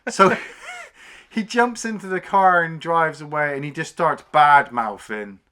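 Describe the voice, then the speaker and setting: A man co-hosting a film review podcast, retelling the plot in a casual, animated way, swearing freely and acting out scenes. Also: a little high, a little slow.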